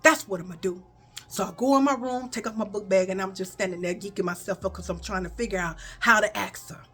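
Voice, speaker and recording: A woman vlogger telling a childhood story in an animated, conversational way, talking straight to her viewers. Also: mid-range voice, fast talker. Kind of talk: casual storytelling.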